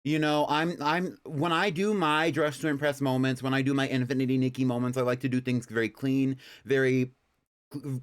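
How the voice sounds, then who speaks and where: A man co-hosting a casual livestream fashion review. He talks in a sassy, blunt and teasing way, with a middle pitch. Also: clear, resonant tone. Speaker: co-host reviewing fashion submissions.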